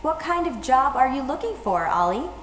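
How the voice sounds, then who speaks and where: A woman's voice: sits high, sing-song, moderate pace, fairly bright tone, a little hiss or hum. A woman voicing a friendly young woman asking about jobs in a scripted textbook listening dialogue. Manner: clear, scripted dialogue reading. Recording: echoey textbook audio with faint music.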